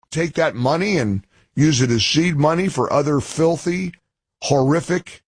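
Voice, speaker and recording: A man hosting an opinion commentary monologue, talking emphatically and indignantly and building his points through repeated phrases and pauses. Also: fairly high pitch, slightly rough, dry recording. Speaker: political commentary host.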